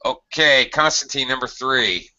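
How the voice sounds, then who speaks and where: A man teaching an English grammar lesson, explaining slowly and patiently with frequent fillers. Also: medium pitch, sharp tone. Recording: dull lo-fi audio.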